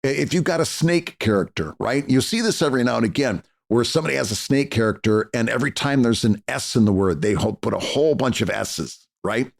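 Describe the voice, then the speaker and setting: Middle-aged guy cohosting a podcast, gravelly low-key voice, lots of uhs and restarts. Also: expressive, brisk, few pauses. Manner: earnest, advice-giving with frequent fillers and restarts. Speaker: podcast co-host. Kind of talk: casual podcast chat.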